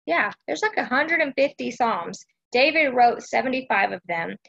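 A woman's voice: fairly high pitch, expressive, normal speed, vocal fry, fairly bright tone, dull audio. A woman from Texas, hosting a casual devotional live stream chat and often checking in with her listeners. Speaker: host of a faith chat.

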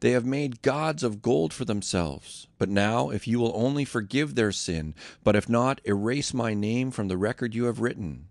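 A man's voice: mid-range voice, moderate pace, gravelly, hardly any pauses, no room sound, clean studio sound, natural voice. A man voicing Moses in a Bible reading, impassioned, urgent and pleading. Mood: earnest. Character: Moses, older male prophet, earnest and pleading.

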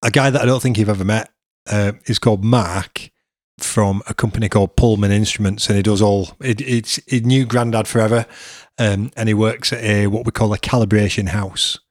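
A man's voice: fairly low pitch, fairly even intonation, normal speed, no echo, clean studio sound. A middle-aged man, hosting a podcast and chatting casually with his son, laughing often. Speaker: podcast host.

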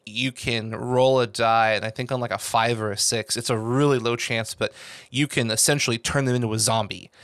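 Bright, animated male podcast host. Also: mid-range voice, clear, resonant tone, dry recording, studio quality. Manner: animated storyteller who acts out quoted voices. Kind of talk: casual conversation.

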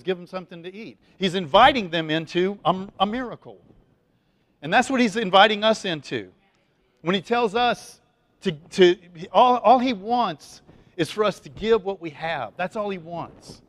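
A man's voice: high-pitched, fairly bright tone, no echo. A man preaching a sermon to his congregation in a loose, conversational way, full of asides, fillers and restarts. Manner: chatty, folksy, lots of fillers and restarts. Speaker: pastor.

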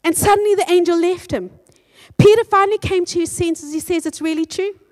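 A woman pastor with a bright, high-pitched voice preaches with lively energy. She reads scripture aloud and acts out the quotes as she goes. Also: a little fast. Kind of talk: sermon.

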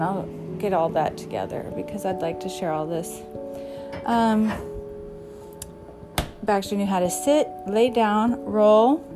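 A woman hosting an episode, telling rambling stories in a chatty, casual way and chuckling now and then. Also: mid-range voice. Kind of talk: casual storytelling.

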